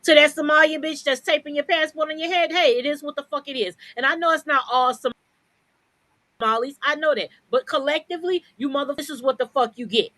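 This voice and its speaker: A woman's voice: high voice, a little fast, bright, forceful tone, no echo, poor audio. A woman co-hosting a podcast, ranting in a blunt, profane, confrontational way. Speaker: podcast co-host. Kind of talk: heated podcast rant.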